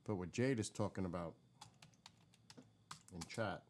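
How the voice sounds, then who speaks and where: A man's voice: low voice, measured pace, a little mellow. A man hosting a live stream, chatting casually and candidly as he reacts to old clips. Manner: rambling, candid, swears now and then.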